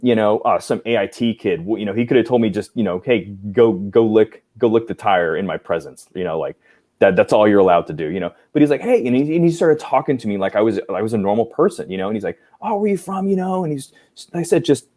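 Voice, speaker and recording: Mellow low-voiced man telling army stories. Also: quick pace. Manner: animated, acts out quoted dialogue, many fillers. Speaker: podcast guest, army aviator. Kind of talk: casual storytelling interview.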